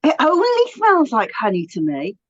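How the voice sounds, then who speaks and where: A woman co-hosting an aromatherapy talk, chatting with animated enthusiasm in a casual educational way. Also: high voice, moderate pace. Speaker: aromatherapy co-host. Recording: dull dry lo-fi recording.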